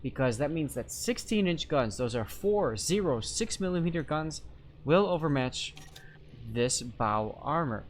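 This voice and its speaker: A man's voice: a little high, expressive, measured pace, a little hiss or hum. Chatty male game streamer explaining mechanics. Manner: chatty, explains step by step, reads chat aloud. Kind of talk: live-stream game commentary.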